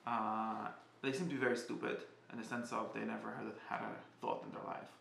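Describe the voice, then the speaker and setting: Man, casual teacher, gravelly voice, halting with frequent restarts, roomy echo. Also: on the low side, level tone, fairly bright tone, a little hiss or hum. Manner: halting, restarts often while searching for words. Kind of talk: casual spoken class.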